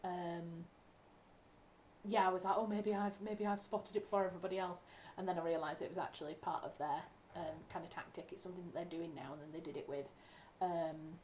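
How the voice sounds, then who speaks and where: Hosting a relaxed livestream from home, a young writer from England speaks in a fairly low, slightly mellow voice that's fairly quick and fairly even in intonation. There's slight background noise, and she rambles chattily, fixing her words as she goes.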